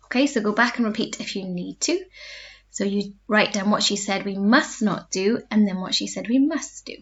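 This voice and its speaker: A woman French teacher giving a recorded lesson, explaining step by step and repeating phrases slowly. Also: mid-range voice. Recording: dull lo-fi recording.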